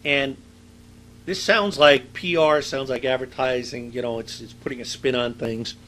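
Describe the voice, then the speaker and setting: A man's voice: mid-range voice, fairly even intonation, normal speed, a bit bright, slight background noise, rough recording. A middle-aged man giving a university lecture in a conversational, anecdotal way, with frequent fillers. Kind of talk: recorded lecture.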